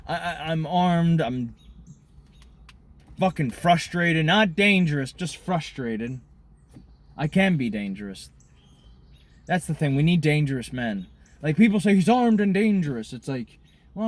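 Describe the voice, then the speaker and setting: A man ranting in a profane monologue to camera, smoking a cigar as he talks, swinging between loud outbursts and muttered asides. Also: a little high, animated, unhurried, long pauses. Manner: smoking a cigar while talking. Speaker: vlogger.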